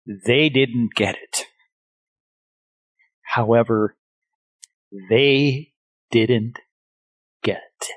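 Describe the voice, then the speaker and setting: Brief: male pastor, slow and emphatic sermon, dry close sound. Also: mid-range voice, fairly even intonation, no echo. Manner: emphatic, slow deliberate preaching with swings in loudness.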